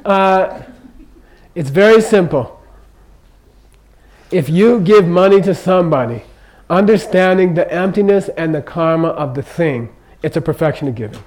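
An older man leads an informal Buddhist teaching, his voice sitting a little high for a man. He talks loosely and with humor, drifting into asides and repeatedly checking in with the room. The delivery is conversational rather than preached. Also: lively intonation, normal speed, a little mellow, rough recording. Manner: chatty, joking, checks in with "okay?" constantly.

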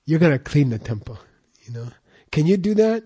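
A man telling it as a gentle, encouraging Buddha. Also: on the high side, very animated, fairly quick, husky. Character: calm, kindly male Buddha as spiritual teacher.

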